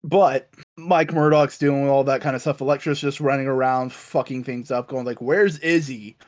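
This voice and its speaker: A man casually recapping comic storylines, acting out characters in quick bits and swearing freely. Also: mid-range voice, fairly even intonation, darkish tone. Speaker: podcast co-host recapping comics. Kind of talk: casual chat.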